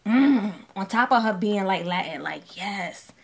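A woman's voice: mid-range voice, animated, creaky, husky. A woman with a New York accent, co-hosting a casual podcast and arguing her point emphatically. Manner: emphatic, insistent, quick to argue. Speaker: podcast co-host. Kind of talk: casual argumentative chat.

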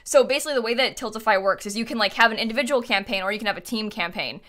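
A woman's voice: fairly high pitch, fairly bright tone. A young woman live-streaming, chatting casually with lots of fillers and little laughs, reading out donations. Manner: quick, giggly, lots of fillers.

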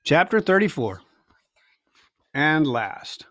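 A man reading an adventure novel aloud, his fairly high voice rising and slowing for dramatic moments. The sound is close and dry, with little room around it. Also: no room sound. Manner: expressive storytelling. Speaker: reader.

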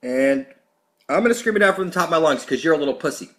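High-voiced man ranting at the camera. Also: lively intonation, fast, a bit bright. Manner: aggressive, profane, preachy. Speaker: channel host.

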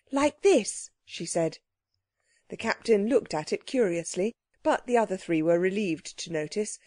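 A woman narrates a children's audiobook with clear, gently expressive storytelling. Her voice is warm and mellow, recorded dry and close. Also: mid-range voice, no room sound.

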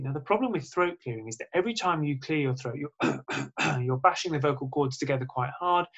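A man's voice: medium pitch, highs cut off. A man, a surgeon, giving a spoken lecture in an explanatory way, with frequent fillers and restarts.

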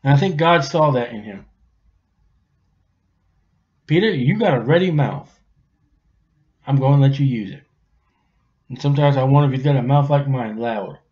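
A man preaching an expository sermon in a lively, colloquial way, swinging between loud and hushed. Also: medium pitch, normal speed, long pauses. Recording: dull lo-fi recording.

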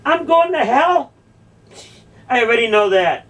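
A woman's voice: fairly high pitch, expressive, a little slow, a bit bright, far from the mic. A woman delivering a confrontational, mocking monologue, sarcastically repeating phrases back. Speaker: video creator confronting a church.

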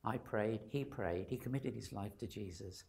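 A man's voice: on the low side, normal speed, creaky, a little mellow. An older man from England giving a personal testimony at a gathering, telling his story in an earnest, candid and reflective way. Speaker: speaker sharing testimony.

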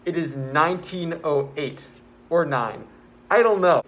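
A man telling a story in a casual vlog, excitable and rambling, with self-mocking asides, while he builds a card house. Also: a little high, unhurried. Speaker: vlogger.

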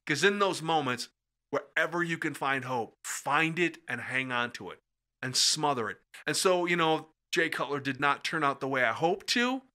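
Middle-aged guy from the states spinning a story, super bright tone, kinda high. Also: normal speed. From USA. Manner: animated, acts out quoted voices. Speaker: podcast guest storyteller. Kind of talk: casual storytelling in conversation.

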